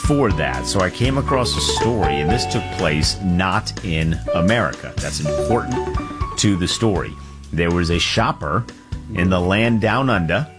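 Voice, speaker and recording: A man co-hosting a podcast, telling a funny story in a relaxed, joking way and slowing down for punchlines. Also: low voice, over music. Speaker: podcast co-host. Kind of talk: casual chat.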